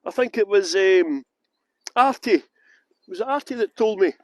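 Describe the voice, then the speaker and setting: A man's voice: high-pitched, animated, moderate pace, no room sound. A Scottish man working as a tour guide, rambling through self-mocking banter and greeting viewers by name during a live stream outdoors in a garden. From Scotland.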